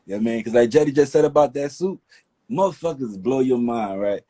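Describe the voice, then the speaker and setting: Mellow, husky man telling it animatedly. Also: medium pitch, a little fast. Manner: animated storyteller, swears, calls people "bruh". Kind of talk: candid casual chat.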